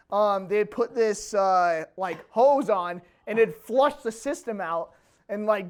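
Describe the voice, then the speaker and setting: A man in his twenties, a former Marine co-hosting a podcast, telling a story between bursts of laughter. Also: very high voice. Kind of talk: casual podcast chat.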